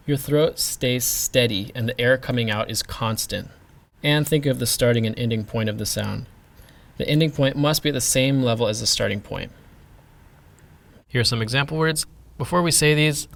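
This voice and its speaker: A man teaching a pronunciation lesson, speaking deliberately and demonstrating each sound with care. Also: mid-range voice, creaky, a bit bright. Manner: slow, deliberate, modelling sounds. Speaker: language teacher.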